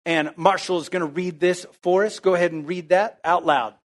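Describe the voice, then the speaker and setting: A man with a high voice preaches to his congregation. He drives each point home with repeated rhetorical questions, and his pitch climbs on the big lines. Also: steady tone, moderate pace. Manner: emphatic, rhetorical questions, calls for amen. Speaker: pastor. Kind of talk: sermon.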